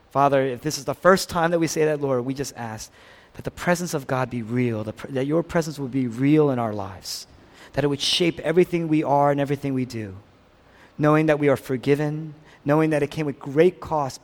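A man preaching a sermon as pastor, swinging between loud, emphatic build-ups and hushed near-whispers, with repeated questions to the congregation. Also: mid-range voice, moderate pace.

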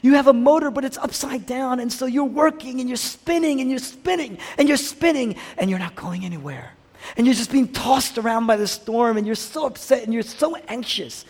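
A man's voice: very high-pitched, moderate pace, darkish tone, big-room sound, pitched above the performer's own voice. A man voicing a compassionate spiritual teacher urging a troubled woman, speaking with urgent, pleading emphasis.

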